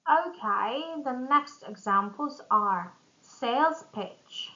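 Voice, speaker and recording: Woman teaching english, talks really slow, bright voice, kinda dull lo-fi audio. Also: on the high side, expressive. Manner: addresses viewers as "guys", reads model sentences aloud. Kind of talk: slow explanatory lesson.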